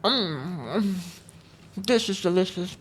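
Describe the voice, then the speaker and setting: A woman's voice: fairly low pitch, lively intonation, slow pace, breathy edge. A woman streamer in casual livestream chat, talking while eating, laughing often and greeting her chat between stories.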